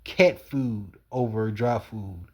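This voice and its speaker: A man's voice: fairly low pitch, slow pace, warm tone. A man in a rambling, wandering monologue, repeating himself and swearing casually. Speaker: cat feeder.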